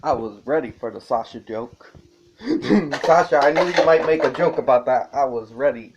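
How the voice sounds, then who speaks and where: A man's voice: mid-range voice, animated, normal speed, highs cut off, noisy background. A man reviewing a movie in a casual, rambling way, swearing and chuckling as he goes.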